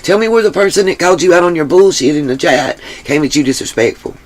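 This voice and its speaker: On her own livestream, a woman delivers commentary in a low, darkish voice, talking fast and with lots of animation. She's blunt and emphatic, and she swears freely.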